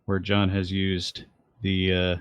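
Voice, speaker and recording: A man running a tabletop game, narrating in a low, unhurried voice full of hesitations. The sound is dry and close, like a desk mic in a small room at home. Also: completely flat delivery, clear, resonant tone, no room sound, lo-fi sound. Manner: rambling, hesitant narration with fillers. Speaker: game master.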